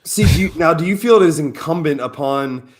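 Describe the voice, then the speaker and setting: A man's voice: fairly high pitch, animated, fairly quick. A man co-hosting a podcast, asking thoughtful, probing questions in casual chat. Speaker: podcast co-host.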